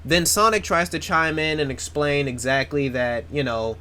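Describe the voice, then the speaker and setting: A man's voice: fairly high pitch, moderate pace, bright, forceful tone, slight background noise. Rambling, foul-mouthed man with casual chat. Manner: rambling, swears freely, self-mocking. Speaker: video creator.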